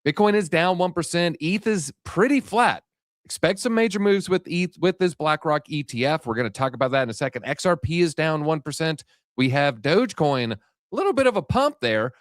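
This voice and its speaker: A man with a fairly high, animated voice hosts a live crypto market show, talking rapid-fire and straight to his viewers. He sounds hyped and slightly out of breath, and the energetic commentary is recorded dry at studio quality.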